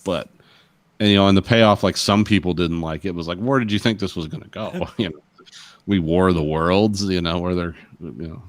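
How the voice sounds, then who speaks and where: A very low-voiced man trading blunt, sarcastic opinions on a podcast. He rambles in a loose, conversational way, and the recording is close and dry. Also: normal speed, dry recording. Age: adult with a child. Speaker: podcast co-host. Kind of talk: casual chat.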